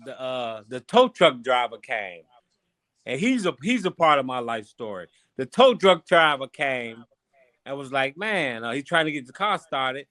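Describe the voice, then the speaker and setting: A man from Chicago, a former boxer, guesting on a podcast and telling stories from his life in a loose, animated, slangy way with plenty of swearing. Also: medium pitch, measured pace, dry recording. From Chicago, USA. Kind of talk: casual storytelling interview.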